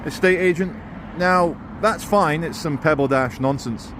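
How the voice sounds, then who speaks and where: A man's voice: a little high, measured pace, background noise. A man walking through town streets and filming himself, giving wry, sarcastic running commentary as a YouTuber. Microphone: handheld camera mic while walking.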